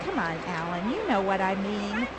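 A woman's voice: medium pitch, very animated, normal speed, lightly acted. A young woman with an American accent acting a firm, lecturing newlywed wife in a scripted learner dialogue. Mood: bossy. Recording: background noise.

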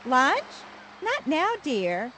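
A woman's voice: high-pitched, extremely slow, heavily acted, poor audio. A woman playing a bossy American newlywed wife. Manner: firm, lecturing, lively. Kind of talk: scripted learner dialogue. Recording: background noise.

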